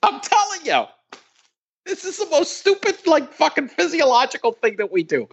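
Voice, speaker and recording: A woman's voice: high voice, wildly swooping pitch, moderate pace, dull audio. A woman co-hosting a podcast in casual chat, swearing freely and tripping over restarts. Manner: profane, exasperated, stammering restarts. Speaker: podcast co-host. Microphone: remote call line.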